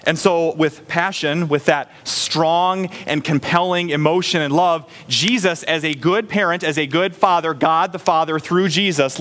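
A man's voice: on the high side, fairly bright tone. A man preaching a sermon in a conversational way, acting out little scenes with a raised voice. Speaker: pastor.

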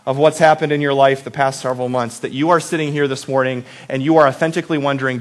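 A man's voice: medium pitch, fairly even intonation, fast. A male pastor giving a casual, joking Easter sermon, often checking in with "right?" and asking the audience reflective questions.

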